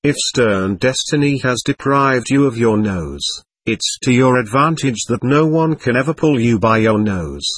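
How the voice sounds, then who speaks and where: A man's voice: medium pitch, lively intonation, measured pace, few pauses, slightly rough, no room sound. A man voicing an old Jesuit priest who speaks in an evasive, preachy, sententious manner. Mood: sanctimonious.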